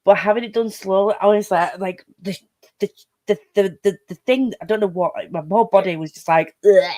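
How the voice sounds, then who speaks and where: A woman gushing about a book in a casual chat, halting and restarting, with some swearing. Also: mid-range voice, a little mellow, dry recording. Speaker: book podcast co-host.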